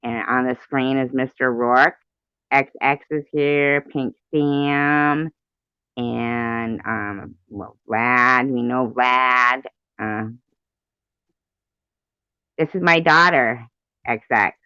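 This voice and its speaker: A woman's voice: a bass voice, drawn-out words, long pauses, sharp tone, clean tone, no echo. A woman hosting a livestream in casual chat, rambling and laughing often. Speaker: livestream host. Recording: muffled dry livestream audio.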